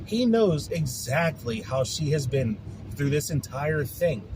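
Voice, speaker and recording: A man's voice: fairly high pitch, sing-song, a little slow, over music, low-quality recording. A man hosting his own podcast, venting in a frustrated, profane casual rant. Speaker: podcast host. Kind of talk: casual ranting monologue.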